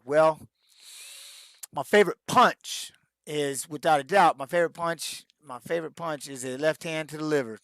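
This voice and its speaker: A man's voice: fairly high pitch, normal speed, fairly bright tone, dry recording. A middle-aged man, a retired fighter, answering fan questions in a casual live-stream Q&A, rambling with many restarts and fillers.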